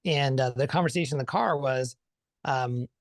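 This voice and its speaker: A mid-pitched male voice in a dry, close recording, speaking as a podcast guest. He rambles in a friendly way and circles back over his points as he thinks. The sound is plain and direct, with no room echo. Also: moderate pace. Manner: thinks aloud with many fillers and restarts, upbeat. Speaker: podcast guest, consultant and author. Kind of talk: casual conversational interview.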